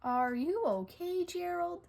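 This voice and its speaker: A calm, matter-of-fact cat doctor from a storybook, as a woman reads it. The voice is slow and a touch lower than her own. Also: gravelly, a little hiss or hum, exaggerated voice. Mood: concerned.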